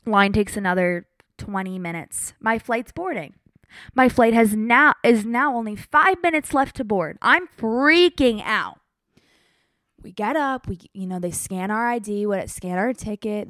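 A young woman telling a travel story in a casual, animated, exaggerated way. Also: mid-range voice, normal speed, no room sound, clean studio sound.

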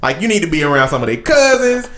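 A man's voice: a little high, sing-song, quick pace, a bit bright. A man co-hosting a podcast in casual chat, giving frank, slangy advice. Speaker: podcast co-host.

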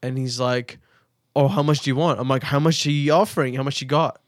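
A man's voice: medium pitch, fairly even intonation, brisk, no room sound, studio quality. A young man telling a long, profane story in casual chat, laughing often and repeating himself. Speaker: podcast co-host.

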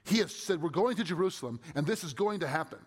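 A man's voice: fairly high pitch, animated, fast, husky. A man pastor reading scripture and then preaching a sermon in a conversational way, asking his listeners rhetorical questions. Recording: long hall reverb.

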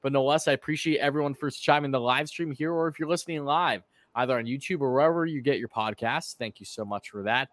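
A man's voice: mid-range voice, fast, fairly bright tone, no room sound. A man hosting a casual live-stream sports podcast, chatty and run-on, with fillers and restarts. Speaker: podcast host.

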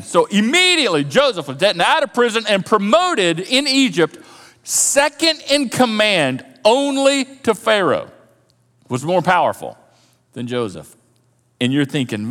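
A man preaching a sermon, telling a story with lively animation and acting out the characters' lines. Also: sits high, unhurried, big-room sound. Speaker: pastor. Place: church auditorium.

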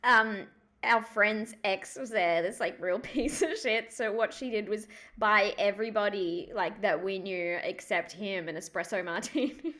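Bright-voiced Australian woman, casual. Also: mid-range voice, unhurried. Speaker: podcast co-host. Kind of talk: casual chat.

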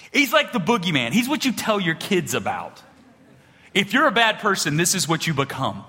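Man, pastor, sermon in a big reverberant hall; bright, lively pitch, animated storyteller. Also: normal speed. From small-town rural upbringing. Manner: animated storytelling, swings between loud punchlines and hushed low passages.

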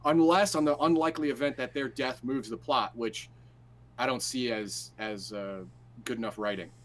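A man co-hosting a casual comics show, talking in a halting way with many restarts. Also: mid-range voice, fairly bright tone. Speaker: podcast co-host. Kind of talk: casual chat.

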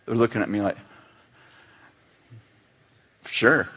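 A man's voice: medium pitch, normal speed, background noise. Brief: middle-aged male pastor, conversational sermon, acts out quotes, light humor. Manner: storytelling with acted family quotes and humor.

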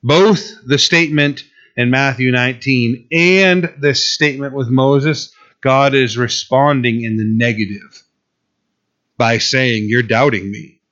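A man's voice: medium pitch, steady tone, takes it slowly, fairly bright tone. A man preaching a sermon in a conversational way, with sarcastic asides to the congregation. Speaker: pastor. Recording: muffled lo-fi recording.

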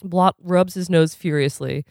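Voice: mid-range voice, fairly even intonation, unhurried, gravelly, darkish tone, no echo, clean studio sound. A reader giving a casual reading of a novel at home, often chuckling along the way.

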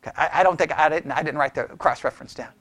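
A man leading a casual Bible study, thinking aloud with restarts and animated questions to the group. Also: on the high side, quick pace, no echo.

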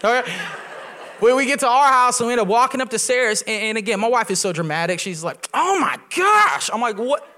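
A young adult man preaching as a guest pastor, with lively storytelling and quoted voices, in a humorous sermon in a church. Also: very high voice, fast.

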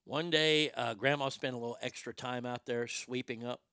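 A man's voice: mid-range voice, moderate pace, smooth, dry recording, studio quality. A middle-aged man doing stand-up, telling a crude family story and acting out the quotes. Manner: crude, animated, acts out quotes. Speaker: stand-up comedian.

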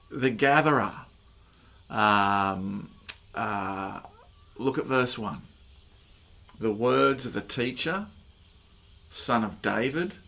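A man preaching a sermon, slow and emphatic, pushing hard on key words. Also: lowish voice, vocal fry, pushed and bright.

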